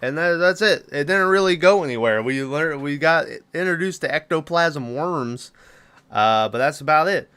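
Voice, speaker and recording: Recapping a film's plot on his podcast, a man speaks in a slightly high, animated voice that is a bit bright and clean, at a moderate pace. The casual movie review comes out loose and rambling, with frequent swearing and fillers.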